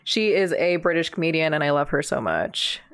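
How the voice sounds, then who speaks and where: A woman's voice: sits low, lively intonation, normal speed. A young woman co-hosting a podcast in casual chat, enthusiastic and gushing. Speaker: podcast co-host.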